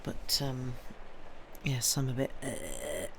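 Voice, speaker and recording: Woman host, slightly croaky, casual chatty stream talk. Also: deep voice, normal speed, slight background noise. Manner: chatty and rambling, reads viewer comments aloud. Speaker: host of a story-reading stream. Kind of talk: casual chat with viewers.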